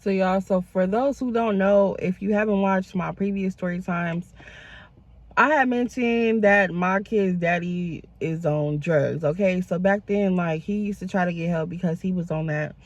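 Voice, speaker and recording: A woman's voice: on the low side, fairly even intonation, measured pace, dull audio. A woman vlogger in telling a casual, profane storytime and calling her viewers y'all.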